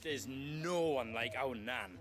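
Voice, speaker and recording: An actor playing a devoted young farmhand in a game, speaking earnestly. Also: male voice, mid-range voice, slow, fairly bright tone, faint music behind.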